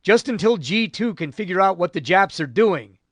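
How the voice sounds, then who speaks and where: A man reading an audiobook, voicing a Marine major who speaks briskly over the radio. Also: sits high, lively intonation, dry recording, pitched above the performer's own voice. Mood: firm.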